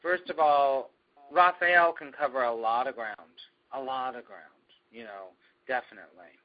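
A man leading a meditation group, rambling gently with many fillers and restarts. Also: medium pitch, expressive, moderate pace. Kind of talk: spiritual group discussion. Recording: dull lo-fi recording.

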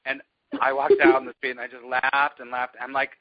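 Guy telling a story to a few people, mid pitch, laughs a lot, kinda muffled recording. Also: fairly quick, a crowd in the background. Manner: animated, laughs often while telling. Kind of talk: casual storytelling to a small group.

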